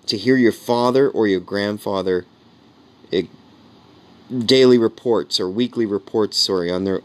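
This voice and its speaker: A man hosting his own podcast, rambling in a casual solo monologue that swings between jokes and earnest talk. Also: on the low side. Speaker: podcast host and comedian.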